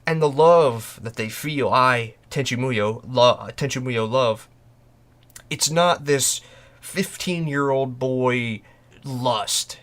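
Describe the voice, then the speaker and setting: Podcast panelist, male, bright and forceful, emphatic, restarts often. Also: medium pitch, slow. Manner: emphatic, argues a point with restarts. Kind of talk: casual podcast discussion.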